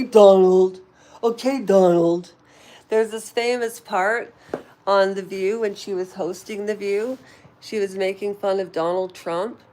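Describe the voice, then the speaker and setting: A woman from Canada, hosting a casual live chat from home and rambling through asides and fillers. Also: medium pitch. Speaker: livestream host. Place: at home while cleaning.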